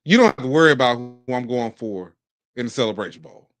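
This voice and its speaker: A man in his forties from Mississippi, hosting a casual sports commentary show, animated and talking in bursts with frequent restarts. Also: medium pitch, fast talker. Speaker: podcast host.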